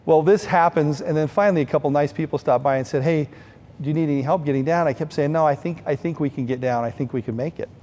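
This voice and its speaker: At a benefit event, a middle-aged man tells a heartfelt story in an earnest, sincere way and at a quick pace. His voice is slightly high but mellow and soft-edged, and a long hall reverb trails each phrase.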